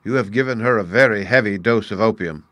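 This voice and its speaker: A man reading aloud in his own lowish voice as a cautious surgeon who speaks in a measured, deliberate way. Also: a bit bright, dry recording, lightly acted. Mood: cool. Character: calm, cautious male surgeon.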